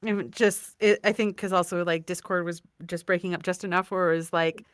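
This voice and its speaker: A woman's voice: lowish voice, steady tone, fairly quick, clear, resonant tone, no echo, studio quality. A woman player in a tabletop game, thoughtful and musing aloud over a voice call. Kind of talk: casual game chat.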